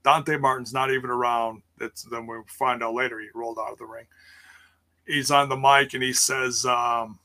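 A man's voice: mid-range voice, little pitch movement, moderate pace, sharp tone. A man casually recapping wrestling for a live chat, rambling with ums and sarcastic asides. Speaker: wrestling show recap host.

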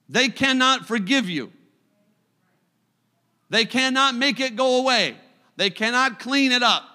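A middle-aged male pastor delivers a sermon in a church sanctuary. His voice is high and bright. He swings from loud declarations to hushed asides, and the sound carries a long hall reverb.

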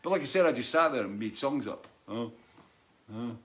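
A man's voice: medium pitch, lively intonation, moderate pace, a bit bright. A man hosting a live show, chatting casually with many restarts and frequent laughs as he greets viewers by name. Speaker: host of a live online show. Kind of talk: casual chat reading out viewer names.

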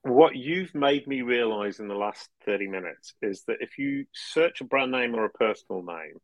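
A man's voice: mid-range voice, expressive, normal speed, no room sound, poor audio. A man as a podcast guest, chatting casually and explaining at length, laughing often and restarting phrases. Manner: explanatory, talks in long runs. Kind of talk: casual interview chat.

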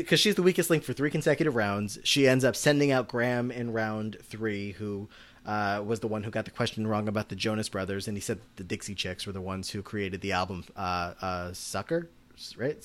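A man co-hosting a podcast, chatting casually and rambling with lots of filler words. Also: mid-range voice. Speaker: podcast co-host. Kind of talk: casual recap chat.

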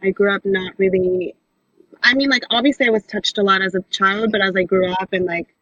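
A woman's voice: medium pitch, steady tone, a little fast, pushed and bright, dry recording, highs cut off. A woman as a guest on a podcast, chatting casually and rambling with many likes and you knows. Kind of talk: casual chat.

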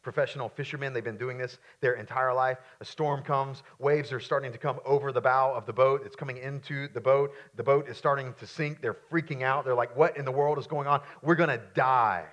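A male pastor preaching a sermon. He is emphatic, repeats key lines, and drops into quieter, casual asides while telling a story. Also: mid-range voice, steady tone, a little fast, few pauses, lo-fi sound.

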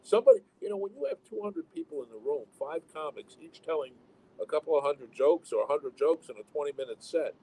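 A man's voice: fairly high pitch, animated, fast talker, darkish tone, slightly rough, low-quality recording. A man who owns comedy clubs, talking bluntly and with strong opinions in a casual interview. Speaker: comedy club owner. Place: home town with fire sirens.

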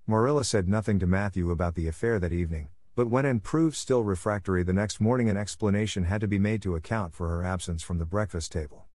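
A man narrates a classic novel in a steady, even reading with a rather low voice. The recording is close and dry, with no room sound. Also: fast talker, hardly any pauses, dry recording. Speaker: audiobook narrator. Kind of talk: scripted narration.

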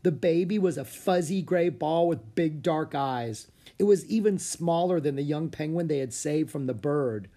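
Guy reading a kids book out loud, husky voice, lots of ups and downs. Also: on the high side, normal speed, hardly any pauses. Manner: expressive, story-telling delivery. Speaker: audiobook narrator. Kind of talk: children's book read aloud.

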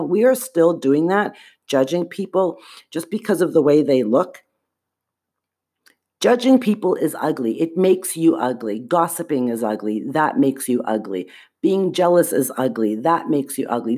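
A woman's voice: low-pitched, darkish tone. A woman hosting a podcast, telling a personal story in an indignant, emphatic way, with frequent swearing. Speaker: podcast host.

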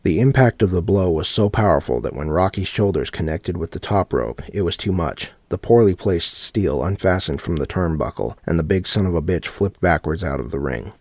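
A man with a very low, deep voice reads a horror audiobook in a steady, matter-of-fact way. The recording is dry and close, with no room sound. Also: normal speed, few pauses, no room sound. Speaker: narrator.

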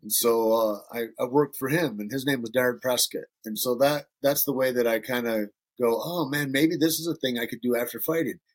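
A husky-voiced, middle-aged man from Northern Michigan spins casual stories as a podcast guest. His pitch sits in the middle range, and he swears freely and acts out the people he quotes. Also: brisk, few pauses. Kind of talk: casual storytelling.

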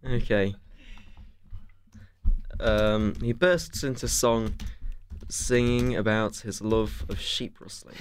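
Deadpan low-voiced man brainstorming. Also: slow, long pauses, a little hiss or hum. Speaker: co-writer. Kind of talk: casual comedy brainstorming.

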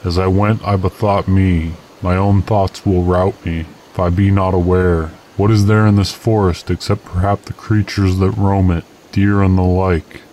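A man narrating an old adventure story in the first person, measured and steady. His voice is very low. A faint chirp of insects carries behind him. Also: slight background noise, low-quality recording. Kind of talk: storytelling reading of an old tale.

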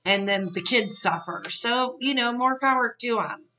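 A woman's voice: on the high side, normal speed, sharp tone, recorded from a distance, muffled recording, soft background music. A woman podcast host giving a casual, chatty, opinionated episode recap. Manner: chatty and opinionated, many fillers.

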